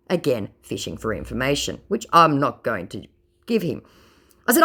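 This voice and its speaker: A woman's voice: a bass voice, wildly swooping pitch, moderate pace, sharp tone, breathy edge. A woman narrating scam chat logs in a dry, sarcastic way. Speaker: scam baiter.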